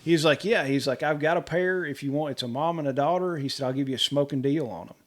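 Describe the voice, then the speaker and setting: A middle-aged man with a slightly raised voice tells casual, lively homestead stories. He keeps slipping into the voices of the people in them and laughs easily as he goes. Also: a little high, fast. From Kentucky, US. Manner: animated, quotes people in dialogue, laughs often. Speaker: homesteader guest. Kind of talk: casual storytelling.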